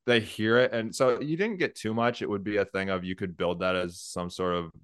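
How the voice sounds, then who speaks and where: Deep-voiced former police officer. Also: male voice, a little fast, smooth, dry recording, studio quality. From United States. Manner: relaxed, laughs often, restarts sentences. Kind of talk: casual interview conversation.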